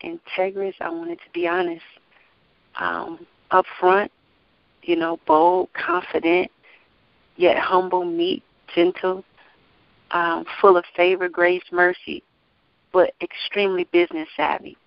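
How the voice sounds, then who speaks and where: Woman gospel singer, animated testifying talk, kinda muffled dry audio. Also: fairly low pitch, unhurried, gravelly, pauses often, dry recording. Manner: animated, testifying, laughs often. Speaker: gospel singer and label owner. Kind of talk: casual interview talk.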